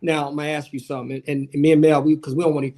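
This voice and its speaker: A man hosting a livestream panel discussion, asking animated questions with frequent restarts. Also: on the high side, very fast. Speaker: host.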